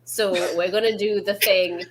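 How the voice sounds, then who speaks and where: A woman's voice: medium pitch, steady tone, normal speed, a little hiss or hum. A woman with a Trinidadian accent hosting a casual book club chat, nasal from allergies, brash and swearing freely.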